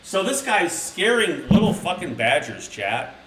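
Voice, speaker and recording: Crude, rambling streamer reading a storybook. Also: male voice, high voice, sing-song, a little slow, a bit bright, a little hiss or hum. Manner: rambling, crude, mock-outraged asides. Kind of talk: reading a children's book with profane commentary to a live chat. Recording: roomy sound from a distant mic.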